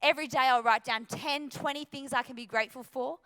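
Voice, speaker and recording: A woman's voice: high-pitched, fairly even intonation, brisk, fairly bright tone. An Australian woman giving an earnest, emphatic motivational talk with rhetorical questions. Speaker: motivational speaker.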